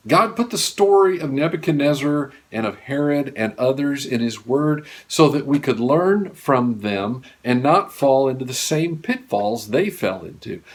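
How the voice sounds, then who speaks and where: A male pastor preaching a sermon, earnestly, with wide swings from raised emphasis to hushed low lines. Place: church.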